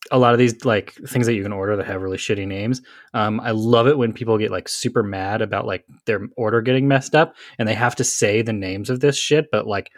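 A man's voice: mid-range voice, no echo, studio quality. A man co-hosting a comedy podcast, rambling and self-mocking in casual chat. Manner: rambling, self-mocking, acts out angry customers. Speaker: podcast co-host.

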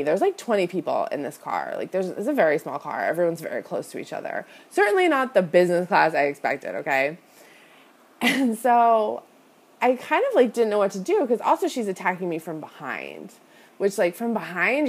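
Lively, low-voiced woman telling a story. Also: brisk, husky. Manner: chatty, heavy use of "like" and "you know"; confessional, addresses listeners directly. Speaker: podcast host and business coach. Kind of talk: casual storytelling monologue.

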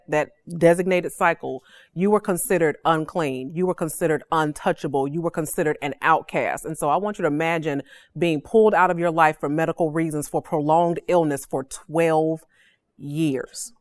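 A woman in her forties hosts a devotional podcast, and her voice sits a little low for a woman. She teaches in a casual, emphatic way, with slangy asides and frequent check-ins. The sound is dry and close, with no room echo.

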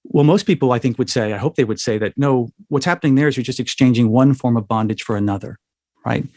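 A man's voice: mid-range voice, fast talker, a little mellow, no room sound, studio quality. Thoughtful man explaining ideas. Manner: thoughtful, lecturing, says "right?" often. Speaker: guest. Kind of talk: interview answer, explanatory.

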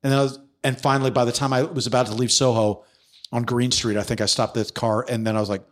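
A man hosts a podcast in loose, casual conversation. He tells his story with lively energy, acting out the people he quotes and cursing freely. His voice sits at an ordinary middle pitch. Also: fast talker. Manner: animated storyteller who acts out quoted voices, swears freely. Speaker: podcast host.

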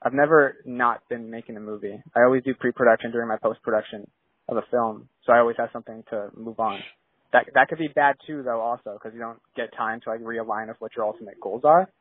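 In a casual interview chat, a young filmmaker guest from San Diego rambles along, full of "like" and restarts. He talks fast at a medium pitch with a breathy edge, and the line sounds tinny and phone-like, with no echo.

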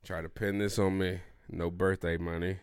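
A man's voice: deep voice, little pitch movement, normal speed, smooth. A man co-hosting a casual podcast, laid-back and teasing, laughing a lot. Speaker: podcast co-host.

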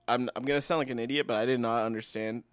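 A man's voice: mid-range voice, steady tone, quick pace, fairly bright tone, no room sound, clean studio sound. A young man, co-hosting a casual podcast chat, telling rambling stories, swearing freely and laughing often. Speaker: podcast co-host. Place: indoors, shared house.

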